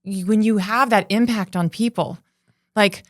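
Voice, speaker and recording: A woman's voice: mid-range voice, steady tone, moderate pace. A woman business coach, a guest on a podcast, telling stories in an earnest, motivational way. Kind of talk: casual conversational interview.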